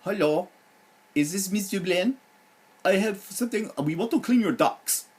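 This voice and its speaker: A man putting on a high, pushy telemarketer with a mock Indian accent. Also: expressive, unhurried, breathy edge, full character voice. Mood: pushy, polite. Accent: Indian, mocked. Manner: high, loud, formal sales patter. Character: male telemarketer with put-on accent.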